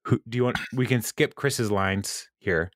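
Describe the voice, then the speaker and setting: A man with a fairly low voice hosts a casual podcast and retells a TV episode, laughing often and acting out the quoted lines. The sound is dry and close, with no room echo. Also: measured pace, a bit bright. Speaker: podcast host. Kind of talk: casual chat recapping a TV episode.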